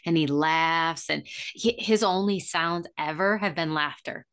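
A woman's voice: low-pitched, measured pace, fairly bright tone, clear, resonant tone. A woman talking casually and sympathetically as an interviewer, sharing about her own son. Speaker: interviewer, parent of a nonverbal son. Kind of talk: casual conversation.

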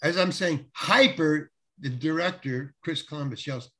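A husky, slightly high-pitched middle-aged man tells a story in a relaxed, chatty way. He laughs often and jumps into other people's lines, putting on their voices as he goes. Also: moderate pace, hardly any pauses. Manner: animated storyteller, laughs often, acts out quotes. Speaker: guest telling a story. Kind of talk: casual anecdote.

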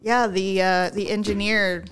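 A woman hosting a podcast in casual chat, ranting in a sarcastic, animated way from a studio mic. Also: mid-range voice, unhurried, noisy background. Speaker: podcast host.

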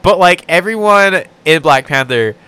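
Bright-voiced young man cursing and laughing. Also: high voice, a little slow, smooth. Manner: profane, laughing, animated storytelling. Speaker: podcast co-host. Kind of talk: casual podcast banter.

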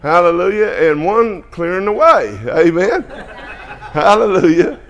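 A man's voice: sits high, very animated, a little slow, a bit bright, lo-fi sound. A man preaching a testimony to a congregation, folksy and full of amens. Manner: folksy, peppers speech with "amen" and "hallelujah".

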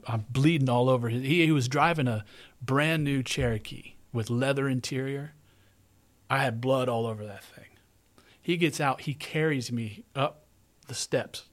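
A middle-aged man hosting a podcast, telling a long personal story in casual, rambling talk and often repeating himself. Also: mid-range voice. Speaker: podcast host.

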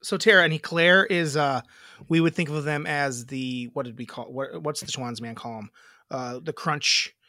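A man co-hosts a podcast in loose, rambling chat, dropping casual swears. His voice has a pushed, bright edge. The sound is dry and close. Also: fairly high pitch, moderate pace, no echo. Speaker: podcast co-host.

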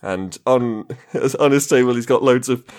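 A man's voice: medium pitch, takes it slowly, darkish tone. Play a chuckling man running a tabletop game. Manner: playful, chuckling narration. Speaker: game master.

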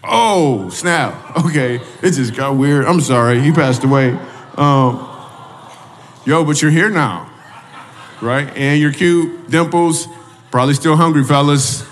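A slightly high-pitched man speaks slowly as he needles audience members and repeats his questions during a stand-up set in a church hall. A little hiss or hum sits under the audio, which was taken from a distance in the reverberant room.

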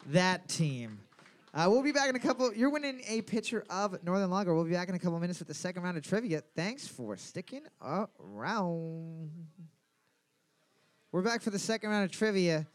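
A man's voice: high-pitched, animated, fast talker, clear, resonant tone. A young man hosting trivia night in a bar, reading questions and joking crudely with his co-host. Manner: playful, crude, jokey asides. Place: bar room with audience.

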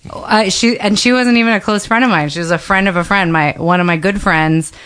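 A woman's voice: medium pitch, a little fast, fairly bright tone. A woman telling a road-trip story in casual chat, full of fillers and asides. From Florida. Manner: chatty storyteller, lots of fillers.

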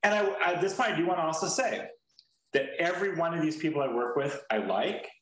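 A man's voice: on the high side, expressive, brisk, fairly bright tone. Guy rambling on a podcast, restarts a lot, swears, sounds like an echoey room. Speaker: podcast co-host. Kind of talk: casual podcast chat. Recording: roomy echo.

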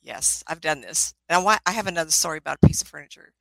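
A woman's voice: deep voice, lively intonation, very fast, vocal fry, no room sound, rough recording. An older woman, a spiritualist minister and ghost investigator, telling rambling anecdotes in a casual chat, often laughing and restarting her sentences.

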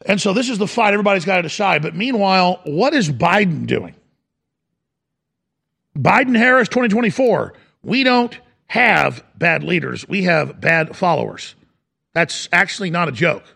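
A man's voice: sits high, lively intonation, moderate pace, gravelly, sharp tone, husky. A middle-aged man hosting a talk radio show, delivering an impassioned, ranting monologue.

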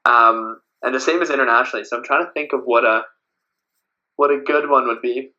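A man's voice: medium pitch, fairly even intonation, brisk, pushed and bright, lo-fi sound. A man, a podcast guest, chatting casually with lots of fillers and frequent laughs. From Canada. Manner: rambling, laughs often, many fillers. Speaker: podcast guest, beach volleyball player. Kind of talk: casual interview chat.

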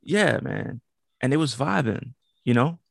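A man's voice: mid-range voice, animated, a little slow, creaky, no echo, studio quality. A man co-hosting a podcast, telling a story in casual chat, acting out the quotes and laughing often. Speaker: podcast co-host.

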